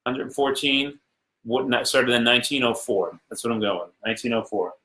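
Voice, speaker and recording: A middle-aged man co-hosting a casual live-stream chat, playful and excitable like a sports fan. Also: medium pitch, normal speed. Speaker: co-host. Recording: echoey room.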